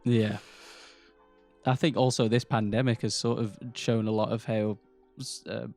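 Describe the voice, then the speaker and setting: A man's voice: on the low side, flat delivery, unhurried, vocal fry, darkish tone, soft background music. A man from the UK co-hosting a podcast, chatting casually, often restarting his sentences and swearing offhandedly. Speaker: podcast co-host. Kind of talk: casual chat.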